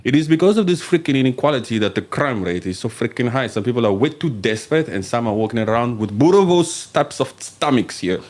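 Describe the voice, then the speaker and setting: A man's voice: mid-range voice, animated, fast, hardly any pauses, a little mellow. A man chatting casually as co-host, joking, slangy and laughing often. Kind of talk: casual chat.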